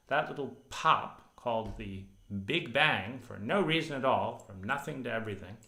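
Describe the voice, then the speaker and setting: A man's voice: medium pitch, bright, forceful tone. A male therapist giving a sardonic monologue, acting out weary inner voices. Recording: roomy echo.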